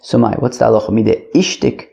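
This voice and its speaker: A man's voice: mid-range voice, fairly even intonation, a little fast, mellow, dull audio. A man teaching a casual Talmud class, loose and chatty, sprinkling in Yiddish and Aramaic terms. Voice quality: gravelly.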